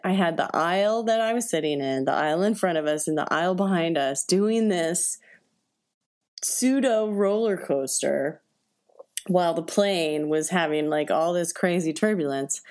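A woman telling a personal story in a chatty, animated way, acting out voices and reactions, with many fillers. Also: on the low side. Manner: conversational, many fillers like "like" and "right?". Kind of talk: personal anecdote told to an audience.

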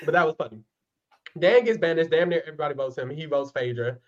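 A man's voice: fairly high pitch, fast talker, lo-fi sound, noisy background. A man co-hosting a podcast, recapping a reality show in casual chat, blunt and profane with sassy asides. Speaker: podcast co-host.

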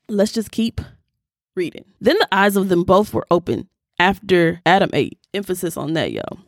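A woman hosting a podcast, teaching scripture in a casual, animated way and talking straight to her listeners. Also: mid-range voice, dry recording, studio quality.

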